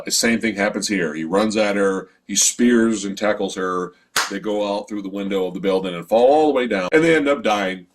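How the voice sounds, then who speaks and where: A male movie reviewer rants through a casual spoiler review, cursing freely and dripping with sarcasm. His voice is husky, and his pitch swings widely as his frustration builds. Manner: exasperated, profane, sarcastic.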